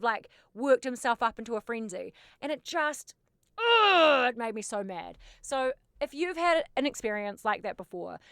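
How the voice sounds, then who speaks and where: A New woman in her late thirties hosts her podcast, telling a story in a lively, emphatic, chatty way. Her voice sits a little high and comes through smooth and clear. The recording is close and dry, with no room sound. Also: dry recording. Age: late 30s. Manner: animated, emphatic, dramatic asides. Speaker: podcast host. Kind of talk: casual storytelling monologue.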